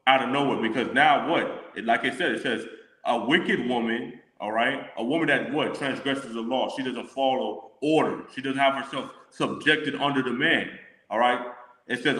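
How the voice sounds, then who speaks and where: A man leading a casual religious discussion, reading scripture slowly and deliberately. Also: mid-range voice, sharp tone. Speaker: scripture teacher. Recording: echoey room with long reverb.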